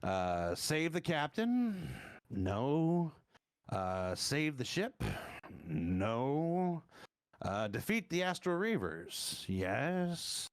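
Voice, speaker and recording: A man voicing a gruff female simian military boatswain who is curt and appraising, in a tabletop game. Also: fairly high pitch, sing-song, extremely slow, no room sound, studio quality, voice pushed up, full character voice.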